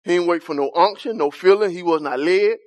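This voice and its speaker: A man's voice: sits high, a little fast, no room sound. A man leading an interactive Bible study, asking the group questions, chuckling often and talking in a loose, informal way.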